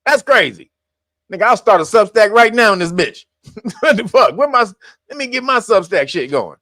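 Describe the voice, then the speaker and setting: A man's voice: high voice, very animated, normal speed, fairly bright tone, no room sound, clean studio sound. A man hosting a commentary show, talking bluntly and profanely, laughing often and mocking what he reads. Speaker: commentary podcast host.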